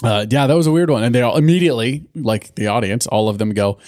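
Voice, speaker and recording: A man co-hosting a podcast in casual chat, rambling and swearing as he recaps a cartoon episode and acts out lines in quick bits. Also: mid-range voice, a little mellow, no room sound, studio quality. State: has the hiccups. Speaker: podcast co-host.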